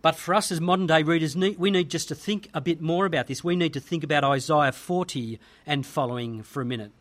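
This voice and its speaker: A man's voice: on the high side, fairly quick. An Australian man preaching a sermon, emphatic, with building rhetorical repetition.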